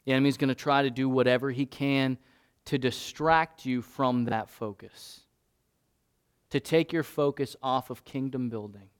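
A man's voice: medium pitch, fairly even intonation, moderate pace, smooth. A man preaching a sermon as pastor, in an earnest, conversational way with frequent restarts.

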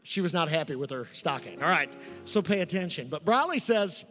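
A middle-aged man preaching with a fairly high voice, lively and joking, calling out to the congregation for amens. His voice carries a long hall reverb, with soft music faintly underneath. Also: brisk. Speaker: pastor. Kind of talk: preaching a sermon. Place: church sanctuary.

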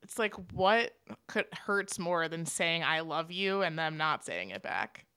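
A woman's voice: sits low, measured pace, clear, resonant tone, dry recording, studio quality. A young woman co-hosting a podcast, chatting casually and enthusiastically as a fan. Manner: enthusiastic, expressive fan talk. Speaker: podcast co-host. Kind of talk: casual chat.

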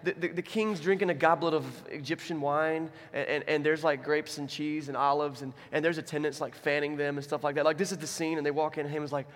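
Male pastor, animated storyteller, slightly high voice, long hall reverb. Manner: animated, acts out characters in quick asides. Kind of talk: sermon storytelling.

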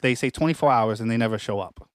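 A man co-hosting a podcast, telling a long story casually with restarts and animated retellings, recorded at home. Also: mid-range voice, fast talker, no room sound. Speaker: podcast co-host. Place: home apartment.

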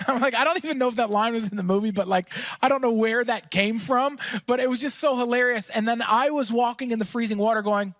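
A man preaching a sermon as pastor, energetic and emphatic, with casual fillers and quick asides. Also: extremely high pitch, dry recording.

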